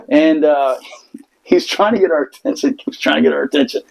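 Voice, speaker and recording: A man's voice: a little high, normal speed, creaky, poor audio. A man, a Marine veteran, telling stories in a casual chat, profane and laughing through them.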